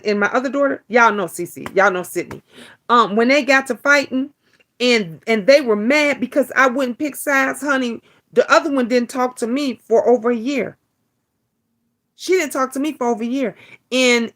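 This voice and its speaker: A woman's voice: on the high side, fairly bright tone. Blunt, salty-talking woman livestreamer. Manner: blunt and profane, with many restarts and repeated words. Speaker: livestream host. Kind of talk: casual livestream chat reading viewer comments.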